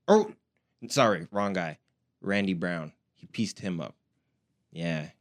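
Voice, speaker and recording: A man co-hosting a sports podcast from a studio, eagerly breaking down fights with slangy enthusiasm and quick laughs. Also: low voice, animated, no room sound. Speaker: podcast co-host.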